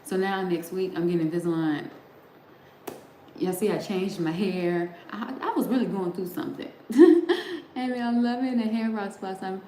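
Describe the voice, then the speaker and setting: A woman's voice: medium pitch, normal speed, mellow. A middle-aged woman hosting a livestream, chatting casually and straight to her viewers, laughing often as she talks. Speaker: livestream host. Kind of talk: casual chat with live viewers. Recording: roomy sound with faint background noise.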